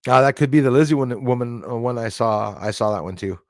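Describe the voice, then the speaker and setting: A fast-talking, mid-range male voice belongs to a middle-aged Canadian live-stream host who reads viewer comments aloud. He chats casually, rambles, and laughs often. The recording is clean studio sound with no echo.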